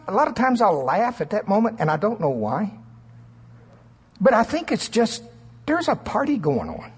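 A man preaching a sermon in church, telling stories in an animated way and often laughing. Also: high-pitched, breathy edge. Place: church sanctuary.

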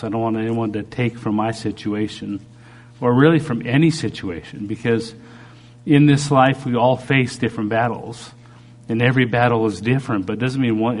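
A middle-aged man preacher giving a halting, earnest personal testimony during a sermon while recovering from a stroke. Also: mid-range voice. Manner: earnest, halting, with frequent restarts.

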